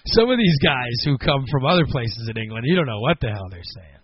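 A man's voice: medium pitch, very animated, brisk, muffled recording, background noise. A man from the United States hosting a call-in radio show, teasing his co-host in rambling, casual banter.

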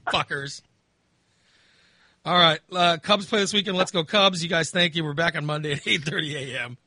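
Bright, high-voiced man ranting. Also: normal speed, dry recording, clean studio sound. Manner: profane, exasperated ranting. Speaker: podcast host. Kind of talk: casual chat.

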